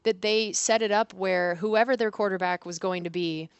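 A woman's voice: medium pitch, fairly even intonation, moderate pace, smooth, dry recording, dull audio. A woman co-hosting a casual sports chat, analytical and candid. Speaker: sports podcast co-host.

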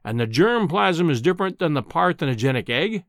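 A man reading an audiobook, voicing a domineering, insolent bearded professor with a rumbling, scornful voice. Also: sing-song, fairly quick, fairly bright tone, dry recording, clean studio sound. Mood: menacing calm.

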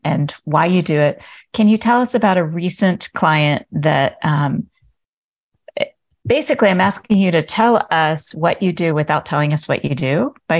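A woman hosting a podcast interview, speaking in a thoughtful, anecdotal way. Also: low-pitched. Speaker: podcast host. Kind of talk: conversational interview.

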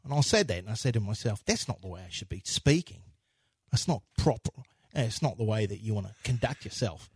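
A man's voice: lively intonation, brisk, husky, no room sound. A man impersonating a reserved aging male movie star musing about his roles. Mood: reflective. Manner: low, soft, reflective musing.

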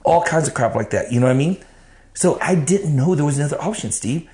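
An interview guest with a high, animated voice talks fast, his tone a little mellow. He recounts his life story bluntly and profanely, acting out what he used to tell himself back then, in a roomy, echoing space.

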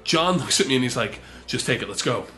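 A man telling a wild comic anecdote with lots of swearing, excitedly acting out the other people's lines in raised voices. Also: medium pitch, fairly quick. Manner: profane, excitable, acts out the quotes in raised voices. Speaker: storyteller.

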